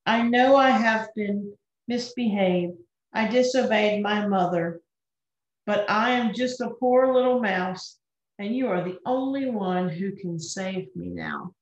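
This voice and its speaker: A scared little mouse begs through his tears, voiced by a woman reading aloud. He pleads slowly and softly, his breath catching. The storybook reading sounds roomy and a little dull. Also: mid-range voice, natural voice. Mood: tearful prayer. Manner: pleading, tearful. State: crying. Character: frightened little male mouse.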